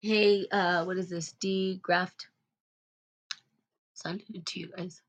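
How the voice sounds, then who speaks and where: A woman's voice: fairly low pitch, steady tone, slow. A woman hosting a live stream, reading out viewer comments and telling an emotional personal story in a rambling way, close to tears. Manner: rambling, with frequent restarts and loud bursts. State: on the verge of tears.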